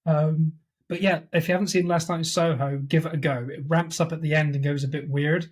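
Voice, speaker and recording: A man's voice: fairly high pitch, steady tone, brisk, husky. A man co-hosting a casual movie podcast over an online call, reading film facts aloud in a rambling, chatty way. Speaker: podcast co-host. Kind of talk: casual chat.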